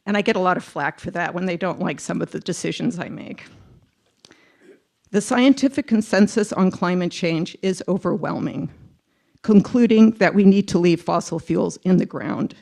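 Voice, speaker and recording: A woman in her sixties speaks in an earnest, emotional voice, pitched somewhat low and edged with gravel. She reads a prepared public comment at a committee meeting, now and then pausing on an um. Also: a little mellow. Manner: earnest, emotional, with filler ums. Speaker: public commenter, retired teacher.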